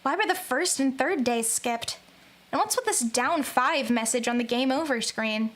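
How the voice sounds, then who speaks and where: High-voiced woman streamer joking through a game. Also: normal speed. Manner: animated, joking, reads game text aloud. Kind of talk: let's-play commentary.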